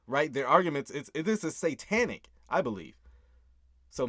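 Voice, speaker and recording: Walking through a song he wrote, a man gives earnest, casual commentary, chuckling and repeatedly checking in with "right?". His medium-pitched voice has lively intonation and a bit of brightness, at normal speed, in a studio-quality recording with no echo.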